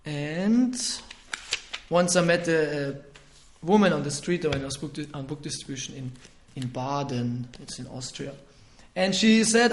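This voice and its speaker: A man delivers a casual lecture on scripture in a voice pitched a little above the usual male range. He chuckles now and then and often stops to rephrase himself. Quiet asides give way to sudden, forceful emphasis. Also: a little slow, long pauses. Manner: conversational, chuckles often, swings between soft asides and emphatic bursts; frequent hesitations and self-corrections.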